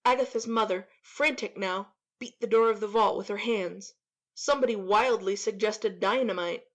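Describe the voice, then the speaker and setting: Expressive woman narrating a classic story. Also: medium pitch, moderate pace, lo-fi sound. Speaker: audiobook narrator.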